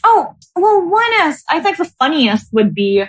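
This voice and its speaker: A woman from the Philippines, telling stories as a podcast guest in a casual, animated way. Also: sits high, measured pace. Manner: animated, laughs often, acts out quoted voices. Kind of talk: casual storytelling. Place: home.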